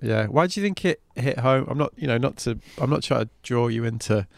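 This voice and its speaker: A man's voice: mid-range voice, lively intonation, brisk, gravelly, dry recording. A man hosting a podcast, asking questions in a conversational way and dropping wry asides. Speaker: podcast host. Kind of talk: casual interview chat.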